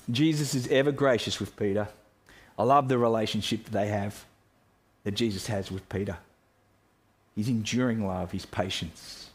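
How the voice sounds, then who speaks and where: A man preaching a sermon as pastor, earnest and reflective, often restarting his phrases. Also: lowish voice.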